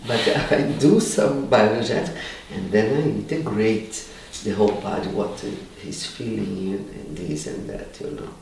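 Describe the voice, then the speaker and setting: Gravelly man in a roomy space. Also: on the low side. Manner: animated, halting English filled with "you know". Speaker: body psychotherapist and training lecturer. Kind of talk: conversational interview answers. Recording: roomy, distant mic, faint background noise.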